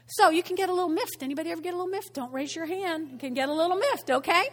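A woman pastor preaching a sermon in a church, animated and conversational, often asking the congregation questions. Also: very high voice, quick pace, few pauses. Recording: long church hall reverb.

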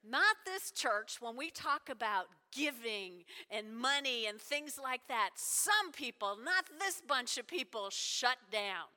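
A woman preaching a sermon, animated and conversational, asking the congregation questions. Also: a little high, slow, few pauses. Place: church sanctuary. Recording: long reverb of a large hall.

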